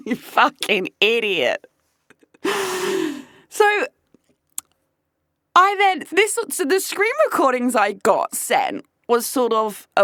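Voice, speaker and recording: A woman, a podcast host telling a story casually, animated and incredulous, swearing freely. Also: a little high, no echo, clean studio sound.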